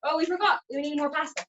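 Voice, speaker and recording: A woman's voice: very high-pitched, lo-fi sound, slight background noise. Giggly woman doing magic on a video call. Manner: giggly, chatty. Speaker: magician performing. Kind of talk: casual live magic act on a video call.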